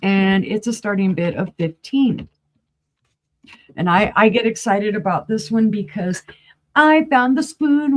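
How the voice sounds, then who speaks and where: A woman with a New Mexico accent talks in a folksy, chatty way as a guest on a live sale stream. She walks viewers through each piece up close. Her voice sits at an ordinary middle pitch. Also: a little slow. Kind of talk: casual live-sale chat.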